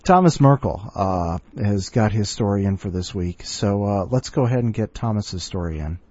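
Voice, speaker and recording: A man's voice: fairly low pitch, lively intonation, moderate pace, warm tone, highs cut off. A man hosting a casual podcast, rambling and sighing between asides. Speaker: podcast host.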